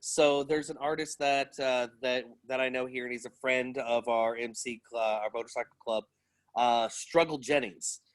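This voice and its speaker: A man's voice: mid-range voice, steady tone, moderate pace. A man, a guest on a podcast, talking candidly in casual chat and often laughing at himself.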